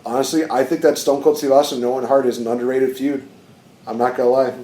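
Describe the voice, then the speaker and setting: A man's voice: medium pitch, fairly even intonation, fast talker, dark tone, roomy sound. A man hosting a podcast, telling stories casually and animatedly, laughing often. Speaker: podcast host. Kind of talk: casual chat.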